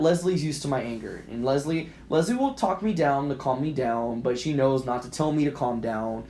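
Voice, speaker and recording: A man's voice: medium pitch, lively intonation, moderate pace, hardly any pauses, dark tone, a little hiss or hum. A man co-hosting a podcast, telling a heated story in a casual, profane and rambling way. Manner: rambling, with frequent restarts. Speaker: podcast co-host.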